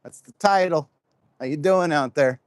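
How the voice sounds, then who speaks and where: A man's voice: on the high side, moderate pace, no echo. A man chatting casually to his viewers while walking laps outdoors, talking into a microphone close to his face. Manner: chatty, rambling, addresses viewers directly. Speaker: vlogger. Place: outdoors on a walk. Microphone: clip-on microphone close to face.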